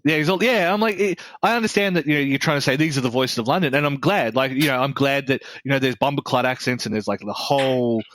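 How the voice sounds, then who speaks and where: A man's voice: mid-range voice, a bit bright, no echo. Blunt Australian man, dry close sound. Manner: blunt, swearing, fast rambling with many restarts. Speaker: podcast co-host. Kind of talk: casual chat.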